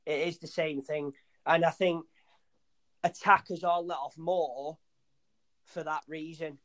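A man's voice: fairly high pitch, steady tone, a little slow, a bit bright, no echo. A young man in casual football chat, rambling, swearing and restarting his sentences, calling his friend mate. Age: young adult.

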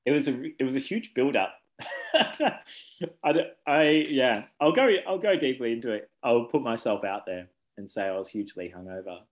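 A man's voice: mid-range voice, lively intonation, moderate pace, poor audio. A man, a children's book author chatting casually in an interview, rambling and self-correcting, laughing easily.

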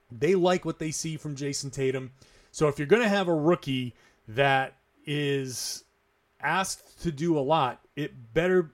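A man hosting a podcast on his own, talking casually and emphatically as he answers listener questions, repeating his key points. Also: fairly high pitch. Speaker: podcast host.

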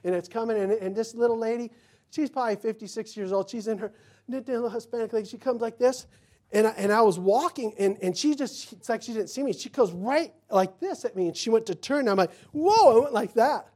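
A middle-aged man preaching in a relaxed, folksy way, wandering into personal anecdotes. He acts out the other people in his stories as he goes. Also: sits high, fast talker. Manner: folksy storytelling, acts out quotes. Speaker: pastor.

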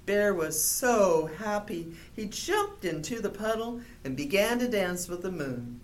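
A woman reading a children's picture book aloud in a gentle, expressive storytelling manner. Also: mid-range voice, unhurried, slight background noise. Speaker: storybook reader.

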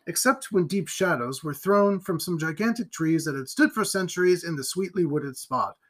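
A man narrating a gothic novel as an audiobook in an expressive, theatrical reading. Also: on the high side.

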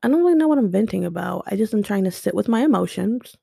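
A woman's voice: mid-range voice, expressive, fast, gravelly, mellow, slightly rough, no room sound, clean studio sound. A young woman hosting a podcast, talking unscripted and bluntly about her past, swearing often. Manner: blunt and emotional, frequent swearing. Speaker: podcast host. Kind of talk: unscripted personal monologue. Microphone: home podcast mic.

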